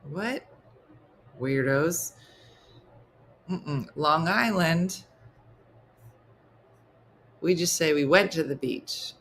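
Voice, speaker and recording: Bright-voiced New Jersey woman teasing viewers. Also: lowish voice, big pitch swings, takes it slowly, pauses often, slight background noise. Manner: playful teasing, mock-disgusted reactions. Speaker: comedy morning show host. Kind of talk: casual livestream chat reading viewer comments.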